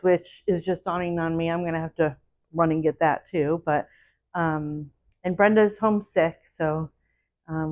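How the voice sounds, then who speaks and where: A woman's voice: fairly low pitch, a little mellow. A woman running a live stream from her quilt shop on her own, chatting casually and greeting viewers by name. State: a little out of breath. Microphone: solo live stream setup. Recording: dull lo-fi live-stream audio.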